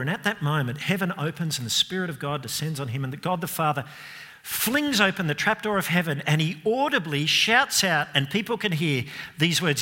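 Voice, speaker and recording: A man preaching a sermon, expressive and emphatic, asking rhetorical questions and dropping to softer moments. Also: on the high side. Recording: long hall reverb.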